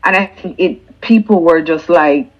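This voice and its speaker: A woman's voice: on the low side, measured pace, dull audio. A Jamaican woman, a singer-songwriter, talking earnestly and emphatically in a casual interview, often repeating words as she builds a point.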